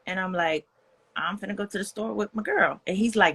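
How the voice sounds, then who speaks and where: A woman's voice: medium pitch, animated, a little fast, a bit bright, husky. A young woman, speaking as a guest in a candid, personal storytelling style, earnest and frank, with plenty of "like" and "you know".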